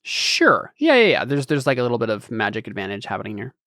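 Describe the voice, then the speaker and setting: A man's voice: medium pitch, fast talker. A man running a tabletop role-playing game, talking in an easy, conversational way. His voice sits in the middle of the male range and sounds dry and close to the mic, with no room echo. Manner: relaxed, with restarts and laughs. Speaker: game master. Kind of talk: casual tabletop game narration.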